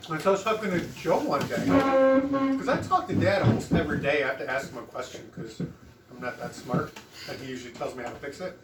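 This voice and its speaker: A man's voice: medium pitch, expressive, brisk. A man chatting casually at a breakfast table, joking and swearing, often laughing. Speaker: family member at breakfast. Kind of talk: casual chat. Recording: roomy, distant, noisy table recording.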